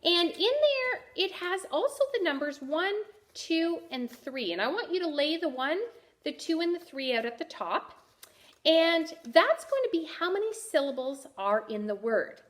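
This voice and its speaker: A woman teacher giving a first-grade reading lesson, sounding out letters clearly and praising the children. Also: very high voice, sing-song, unhurried. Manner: encouraging.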